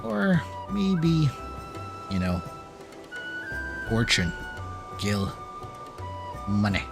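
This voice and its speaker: A man giving relaxed, casual commentary while playing a game, thinking aloud with pauses. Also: lowish voice. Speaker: streamer. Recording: game music clearly behind. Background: game music.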